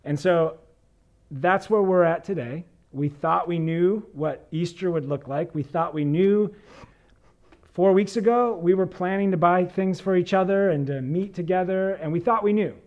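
A man with a somewhat high voice delivers a conversational sermon as a pastor. He reads scripture, then talks it through earnestly and with animation. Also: normal speed, muffled recording.

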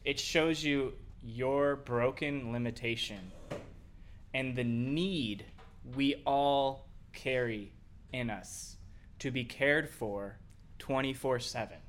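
A man's voice: mid-range voice, slow. A man co-hosting a casual faith discussion, talking in an earnest, reflective way. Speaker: co-host.

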